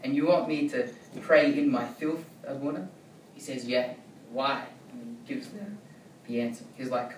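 A man's voice: mid-range voice, normal speed, a little hiss or hum. A man giving a sermon in a conversational way, often checking in with "right?". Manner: conversational, keeps asking "right?". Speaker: preacher. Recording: echoey room, distant mic.

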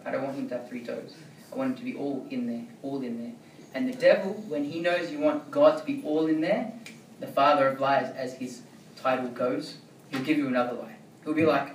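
A man's voice: mid-range voice, steady tone, a little fast, slight background noise. A man giving a sermon in a conversational way, often checking in with "right?". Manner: conversational, keeps asking "right?". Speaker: preacher. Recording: echoey room, distant mic.

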